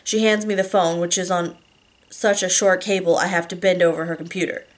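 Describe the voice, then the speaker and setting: A woman's voice: fairly low pitch, level tone, brisk. A woman reading a novel aloud casually, now and then stumbling over words and apologizing. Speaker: reader.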